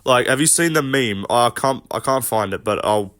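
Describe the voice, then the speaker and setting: A man's voice: medium pitch, animated, normal speed, fairly bright tone. A man giving casual, profane commentary as he ranks fighters, with lots of fillers in his talk. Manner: loose and profane, full of fillers. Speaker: MMA commentary YouTuber.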